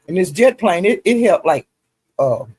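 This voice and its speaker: A man's voice: high-pitched, husky. A man, recapping online drama in a rambling, folksy way full of fillers. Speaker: YouTube commentary host.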